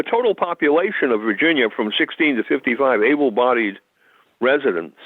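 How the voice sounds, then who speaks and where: A man's voice: fairly low pitch, dry recording. A man from the United States, a constitutional attorney, explaining law in an interview in a methodical, lecturing way with frequent restarts. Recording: tinny phone line.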